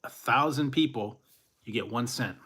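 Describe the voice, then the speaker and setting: A food review streamer from Central California chats casually on a live stream in a medium-pitched voice that's pushed, bright, and slightly rough. He rambles at a moderate pace, chuckling and playfully throwing in a mock Canadian "eh."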